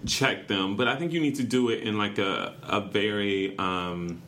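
A man's voice: fairly low pitch, measured pace. Guy with a north carolina accent, teasing and laughing, faint hiss behind him. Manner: animated, teasing, laughs often. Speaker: podcast co-host. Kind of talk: casual chat.

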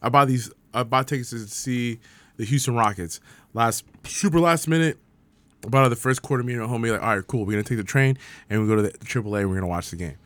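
A man's voice: mid-range voice, fast talker, no echo. Chatty young man. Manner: animated anecdote-telling with slang and swearing. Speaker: podcast co-host. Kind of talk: casual chat, storytelling.

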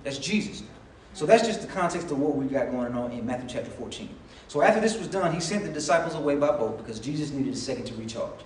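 A man's voice: mid-range voice, animated, fast talker, few pauses, a little hiss or hum. A man preaching a sermon, telling the story in a casual, conversational way and acting out dialogue. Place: church sanctuary. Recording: echoey hall from far off. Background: congregation responses.

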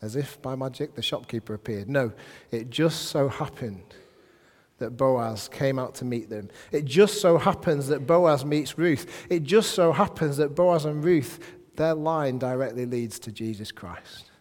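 A man preaching a sermon and reading scripture aloud, animated, swinging between soft asides and loud emphatic bursts. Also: mid-range voice, a little slow. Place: church hall. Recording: long hall reverb.

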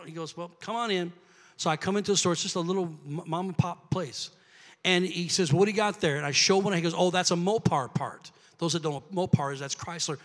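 A man preaching a sermon, telling a story quietly and then building to loud shouted calls to the congregation, recorded in a church sanctuary. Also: high voice. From grew up Pentecostal. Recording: long hall reverb.

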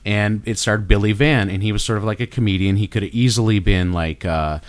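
Rambling Canadian man, low voice. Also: fairly quick, no room sound. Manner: rambling, enthusiastic, many fillers and restarts. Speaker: guest artist. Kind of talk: casual interview chat.

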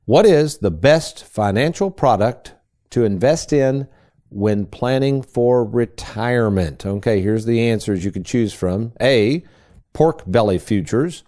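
A male radio host with a mellow, warm tone and a lively voice that rises and falls as he talks. He explains in a folksy, conversational way, quizzing his co-host and leaning hard on the words he wants to stress. He is on a studio talk show. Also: medium pitch, unhurried. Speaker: retirement planning radio host.

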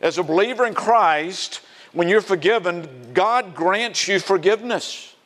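A man's voice: sits high, animated, a little slow, fairly bright tone. Man preaching with rhetorical questions. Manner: conversational, asks the congregation rhetorical fill-in questions. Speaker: pastor. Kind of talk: sermon.

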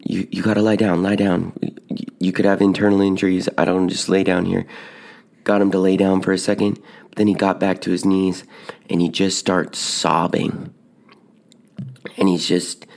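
A man casually telling a personal story on a podcast, building suspense with hushed moments. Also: deep voice, gravelly. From Tucson, Arizona. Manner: animated, drops to hushed whispers at dramatic moments. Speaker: podcast host telling stories.

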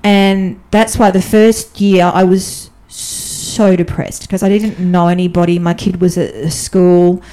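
Woman, podcast guest, casual chat, mellow relaxed voice, candid, chatty, animated storytelling. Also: measured pace, few pauses. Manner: candid and chatty, with frequent restarts and fillers; animated, often jumps up in pitch when telling stories. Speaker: guest, diplomatic spouse.

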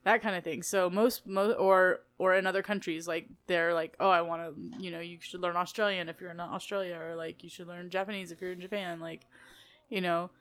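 A woman's voice: on the low side, steady tone, brisk, fairly bright tone. A woman co-hosting a casual podcast, chatty, peppering her talk with "like" and laughing easily. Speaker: podcast co-host.

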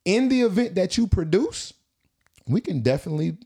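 Casting: male podcast co-host, animated slangy storyteller, voice on the higher side. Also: moderate pace. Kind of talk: casual chat.

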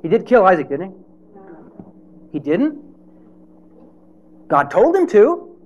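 A man's voice: sits high, wildly swooping pitch, slow pace, lo-fi sound. A man preaching a sermon in a conversational way, with rhetorical questions and playful asides.

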